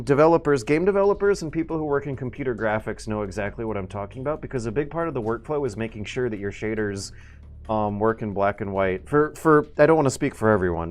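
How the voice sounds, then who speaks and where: A man in his thirties chatting casually on a livestream, rambling with many restarts and fillers and sudden louder bursts. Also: on the low side. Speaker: streamer.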